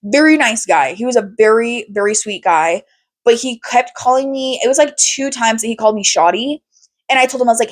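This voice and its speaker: A young woman hosting a podcast, talking in a candid, animated way, swearing freely and using lots of fillers. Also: fairly high pitch, a little fast. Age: young adult. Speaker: podcast host. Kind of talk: casual chat.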